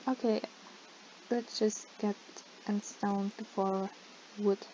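A woman giving excitable slow-spoken gaming commentary with a cracking voice. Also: medium pitch. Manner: playful and excitable, with sudden loud outbursts. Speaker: gaming YouTuber. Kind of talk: let's-play gaming commentary. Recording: slightly dull lo-fi mic with faint noise.

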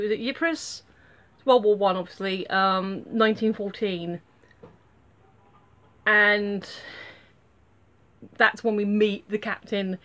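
A woman talks through her thoughts in a relaxed, unscripted review. She rambles and circles back, with plenty of fillers and restarts, and her pitch sits in an ordinary middle range. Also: highs cut off. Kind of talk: casual spoken review.

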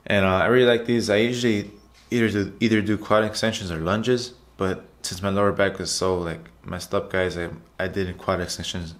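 A deep-voiced man talks briskly in a steady tone as he narrates his workout footage. The fitness vlogger's voiceover is casual, loose, and repetitive, full of chatty callouts to viewers and lots of "guys."

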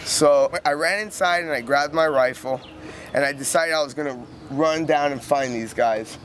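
A man's voice: a little high, normal speed, a bit bright. A young man telling a rambling, profane story outdoors beside a canal, speaking casually with lots of "like" and restarts. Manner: profane, rambling, heavy use of "like". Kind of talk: casual spoken anecdote. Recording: noisy outdoor recording with traffic. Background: outdoor street ambience with passing vehicles.

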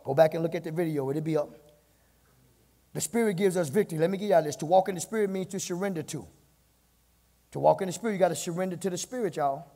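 A male pastor preaching from the pulpit, repeating phrases and building to shouts. His voice sits high and has a gravelly, husky edge. It rings with the long reverb of a church hall. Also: fast talker, long pauses. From United States. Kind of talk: sermon. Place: church sanctuary.

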